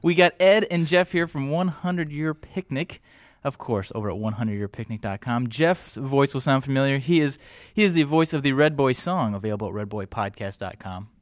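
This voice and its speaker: A man's voice: medium pitch, animated, normal speed, dry recording, clean studio sound. A man hosting a podcast in a jokey, playful way, chatting with guests. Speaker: podcast host. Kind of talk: casual chat.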